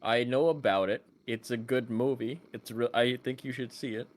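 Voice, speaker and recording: A man's voice: medium pitch, steady tone, normal speed. A man with a New York accent chatting over voice call, joking and rambling. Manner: joking, rambling, self-deprecating. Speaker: guest on voice call. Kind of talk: casual stream chat.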